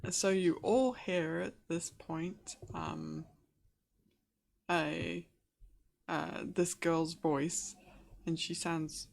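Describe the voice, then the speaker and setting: A woman's voice: lowish voice, fairly even intonation, very slow, vocal fry, long pauses, a little mellow. A woman narrating as game master, hesitant with many fillers. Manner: hesitant, filler-heavy, laughs often.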